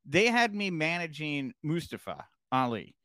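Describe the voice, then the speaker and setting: Animated man telling a wild story. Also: unhurried, no room sound, studio quality. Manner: swings pitch widely acting out quotes, curses freely. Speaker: podcast guest, former wrestling manager.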